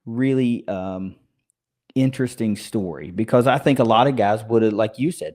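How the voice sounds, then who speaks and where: A man's voice: fairly low pitch, steady tone, normal speed, a little mellow. Rambling male podcast host. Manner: rambling, repeats words while thinking. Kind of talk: casual interview chat.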